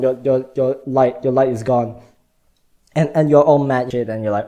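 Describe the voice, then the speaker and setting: A young man hosting a vlog, talking casually in an animated, rambling way and often repeating words. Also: mid-range voice, normal speed. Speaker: vlog host. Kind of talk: casual explanatory vlog talk.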